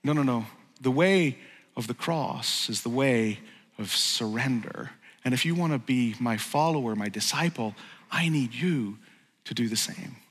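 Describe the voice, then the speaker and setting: A man preaching a sermon in an animated, conversational way, acting out the lines he quotes. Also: medium pitch, measured pace, husky, long reverb tail. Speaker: pastor.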